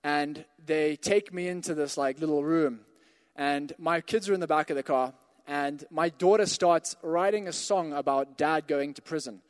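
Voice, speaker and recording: A pastor telling a personal story in a sermon, rising to emphatic calls to the congregation. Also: male voice, fairly high pitch, normal speed, long reverb tail. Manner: storytelling, builds to emphatic exhortations.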